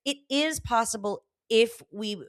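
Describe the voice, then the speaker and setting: This Los Angeles comedian, a guest on a podcast, speaks with a Southern California Valley girl accent in a voice that's a little high, a little slow, and a bit bright. She chats candidly and animatedly, laughing often and restarting her sentences.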